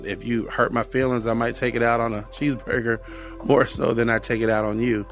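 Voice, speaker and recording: A man's voice: mid-range voice, level tone, a little fast, faint music behind. An earnest middle-aged American man sharing a personal testimony, reflective, often repeating phrases. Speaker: guest sharing his testimony.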